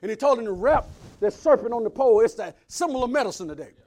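A man preaching a sermon, swinging between loud preaching and hushed asides. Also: very high voice, expressive, fast talker. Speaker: pastor.

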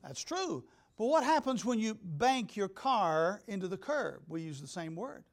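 Older male pastor, very high-pitched, emphatic sermon delivery, repeats for stress. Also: sing-song, a little slow. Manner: emphatic, repeats key words, swings between loud and soft. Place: church.

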